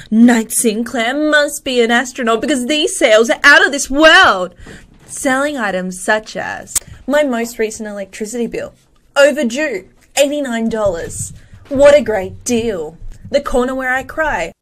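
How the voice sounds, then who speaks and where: A woman streamer doing a dry, deadpan mock sales pitch. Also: measured pace.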